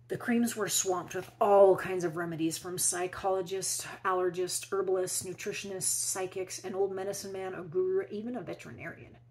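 A woman teacher reading a children's picture book aloud, expressively, and pausing to ask her young listeners questions. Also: fairly low pitch, fairly even intonation, a little mellow, low-quality recording. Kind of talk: children's read-aloud storytelling.

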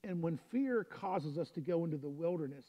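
A man's voice: on the high side, lively intonation, brisk, mellow. A male pastor preaching a sermon in a conversational, storytelling way.

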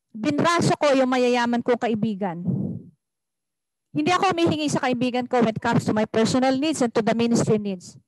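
A woman's voice: high voice, no echo, poor audio. A woman pastor with a Filipino accent preaching a sermon, switching between English and Tagalog and asking the congregation rhetorical questions.

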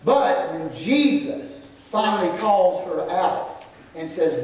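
High-voiced preacher booming in an echoey church. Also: male voice, sing-song, takes it slowly. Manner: emphatic preaching that swells into shouts, then drops low; exclamations of "well, glory". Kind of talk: sermon. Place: church sanctuary. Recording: echoey sanctuary, far from the mic, congregation audible. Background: congregation calling out amens.

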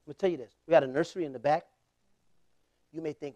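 A pastor in his forties with a fairly high voice preaches in a loose, joking way. He laughs easily as he tells his story, jumps to loud bursts, then drops to quiet asides. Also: rapid-fire, pauses often, no echo. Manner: conversational and humorous, often laughing. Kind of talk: storytelling sermon.

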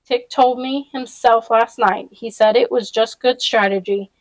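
A woman's voice: fairly high pitch, fairly even intonation, unhurried, dry recording, lightly acted, rough recording. A woman reading as an earnest young boy. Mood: firm. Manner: urgent, hushed.

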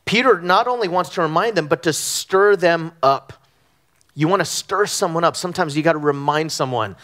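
A middle-aged man from Southern California preaching a conversational sermon, telling animated stories with frequent ums and restarts. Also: on the high side, normal speed. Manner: animated storytelling with frequent fillers. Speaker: pastor. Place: church sanctuary.

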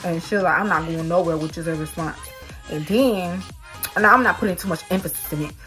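A woman vlogger telling a storytime to her viewers, animated and swearing freely. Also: fairly low pitch, fairly quick, faint music behind. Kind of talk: storytime vlog.

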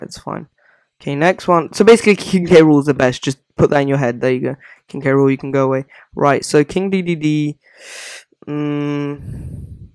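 A man's voice: mid-range voice, no room sound. A man giving casual, rambling commentary on a gaming ranking, often apologizing as he goes. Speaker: gaming video creator.

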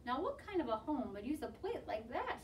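Storybook figure: cheerful literal-minded housekeeper, a woman reading her, plain puzzled tone, slightly lower, set back from the mic. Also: very animated, a little fast, slight background noise. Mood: matter-of-fact. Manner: plain, matter-of-fact, puzzled. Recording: distant mic with faint ambience.

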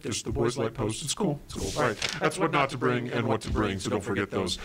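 A man's voice: medium pitch, brisk, crowd noise. A young man leading a jokey announcement video for a youth sleepover, mock-serious and laughing. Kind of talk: casual joking announcement video.

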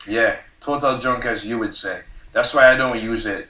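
A man, the author, reading aloud from his novel at a live event, expressive and casual, sometimes swearing and laughing at his own lines. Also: mid-range voice, normal speed. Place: event stage before an audience. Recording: roomy hall, mic from far off.

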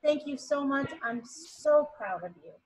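This painting instructor leads an online class over video call, speaking at a measured pace in a high, animated voice with a darkish tone. She's chatty and encouraging, bubbly when handing out praise, though the recording is rough with slight background noise.

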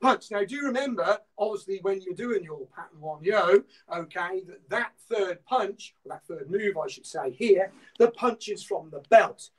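A man's voice: high-pitched, lively intonation, normal speed, hardly any pauses, far from the mic, rough recording. A man with a Norfolk accent teaching an online martial arts class, breaking down punch technique step by step and checking in with "okay?" as he goes. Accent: Norfolk English. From England. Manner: instructive, peppers talk with "okay?"; shouts counts during drills.

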